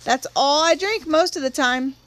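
A woman voicing a middle-aged man who talks to children in a relaxed, confiding, wry way. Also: high-pitched, moderate pace, pitched above the performer's own voice.

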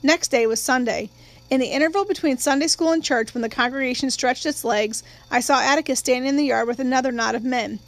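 A woman narrating a novel as an audiobook in steady, even storytelling, close to the mic. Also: sits high, fairly quick. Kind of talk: scripted narration.

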